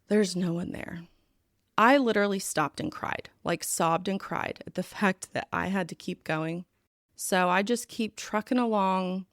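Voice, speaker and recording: A woman tells a personal story with frank, self-deprecating humor. Her voice sits a little low and has a gravelly fry. The sound is close and dry, with no room around it. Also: no room sound. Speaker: counselor and podcast host.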